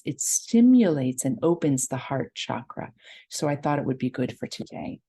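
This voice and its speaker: A woman leading a guided meditation, explaining a mantra gently before chanting it slowly. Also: sits low. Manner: slow, gentle teaching with sustained chanting. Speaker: meditation leader.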